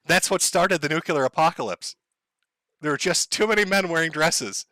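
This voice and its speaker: Guy ranting to chat, swears a lot, fairly high and bright, dry mic. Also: moderate pace, pauses often, no echo. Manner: rambling, profane, laughs often. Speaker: streamer. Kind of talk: casual rant to a live chat.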